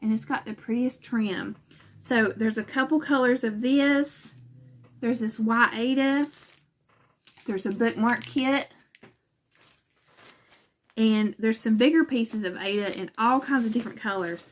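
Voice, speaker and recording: A woman's voice: on the high side, unhurried, pauses often. A woman from West Virginia hosting a cross-stitch channel in casual chat from home, talking in a chatty, self-conscious way with fillers and laughs.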